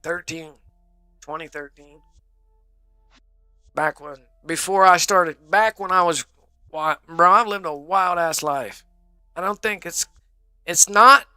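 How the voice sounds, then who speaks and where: A man's voice: fairly high pitch, pushed and bright, no echo. A man rambling through a casual, profane story on a live stream, saying "bro" constantly.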